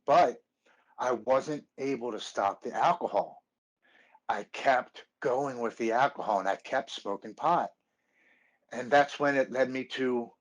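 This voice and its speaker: A man in his thirties, a podcast guest, telling his recovery story earnestly, stopping and restarting often. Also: medium pitch. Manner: earnest, halting with many restarts. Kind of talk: personal recovery story, casual chat.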